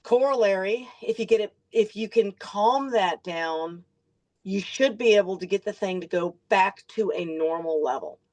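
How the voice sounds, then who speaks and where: Woman practitioner, emphatic and brisk, casual explainer on a call. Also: medium pitch, darkish tone, rough recording. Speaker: medical practitioner speaker.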